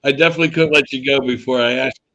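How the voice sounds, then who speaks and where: A man hosting an interview, asking a relaxed closing question. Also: medium pitch, very fast, dull audio. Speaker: interview host. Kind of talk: casual interview.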